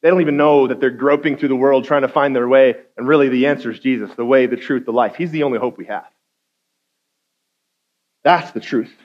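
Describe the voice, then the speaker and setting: A man giving a guest sermon in a casual, conversational way, acting out quotes and rising to loud intensity. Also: medium pitch, a little fast, highs cut off. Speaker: guest speaker.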